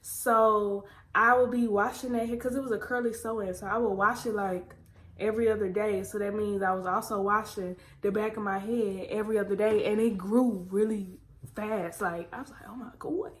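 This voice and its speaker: A young woman chatting casually in a vlog, telling a story in an animated way and acting out her own quotes. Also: mid-range voice, moderate pace. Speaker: vlogger.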